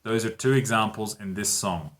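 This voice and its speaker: A man, teaching a grammar lesson in a relaxed, patient way and often checking in with his students. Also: lowish voice, normal speed. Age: 30s. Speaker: English teacher. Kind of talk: casual online grammar lesson.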